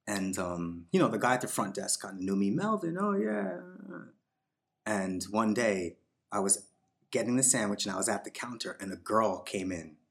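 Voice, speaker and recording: A podcast guest with a low voice tells a personal story, reflective and unhurried, using fillers and voicing quotes.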